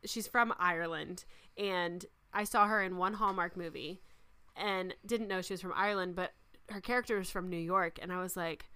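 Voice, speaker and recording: A woman in casual chat about movies, telling stories in an animated way and acting out her own reactions. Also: lowish voice, normal speed, clean tone, dry recording.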